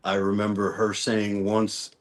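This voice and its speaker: In a lowish voice and at a slightly slow pace, a New Orleans, Louisiana songwriter tells stories as a guest in a casual interview. He's relaxed, often restarting and repeating words.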